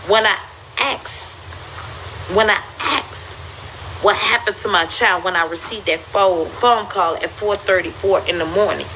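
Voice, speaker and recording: A mother speaking on a livestream, pleading and preaching, sometimes breaking into shouts. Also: medium pitch, a little slow, background noise. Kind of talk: emotional livestream address.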